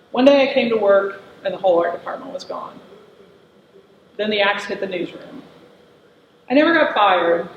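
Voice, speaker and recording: High-pitched guy reminiscing slow and wistful, roomy echo, a bit muffled. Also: gravelly, slight background noise. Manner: wistful, reflective storytelling. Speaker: performer. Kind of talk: autobiographical spoken performance. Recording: echoey, slightly dull room recording.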